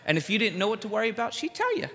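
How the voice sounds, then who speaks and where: Gravelly bright-voiced man preaching in a hall. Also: sits high. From Philadelphia area, USA. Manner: animated storyteller, quick jokes, repeats words. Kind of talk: sermon with personal stories. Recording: reverberant hall.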